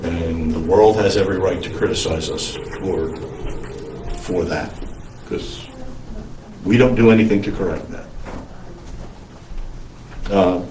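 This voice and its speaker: A male priest giving an unscripted lecture, halting often to restart his sentences. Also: fairly low pitch, slight background noise. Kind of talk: recorded lecture. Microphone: single mic, speaker sometimes covers it. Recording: roomy echo, mic at a distance.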